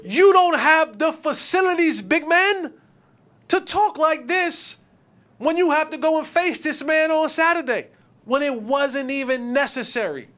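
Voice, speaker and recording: Animated bright-voiced man giving sports opinions. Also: very high voice, unhurried. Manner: animated, preachy, acts out quotes. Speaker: sports podcast host.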